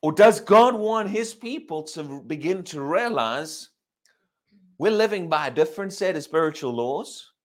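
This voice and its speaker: A man's voice: on the high side, animated, a little slow. A man preaching a sermon, asking the congregation rhetorical questions, repeating himself and restarting phrases, and drawing out key words for emphasis. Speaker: pastor.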